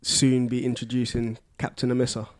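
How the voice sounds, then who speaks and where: A man's voice: mid-range voice, monotone, moderate pace, no echo. A man co-hosting a podcast in a casual chat, teasing his friend and dropping slang like fam and bruh. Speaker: podcast co-host.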